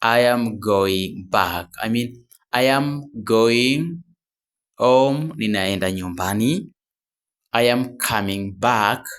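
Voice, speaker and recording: A man teaching beginners in a phrase drill. He says each short phrase slowly, often repeats it, then gives the translation, and sometimes corrects himself mid-phrase. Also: fairly low pitch, a bit bright. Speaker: English teacher.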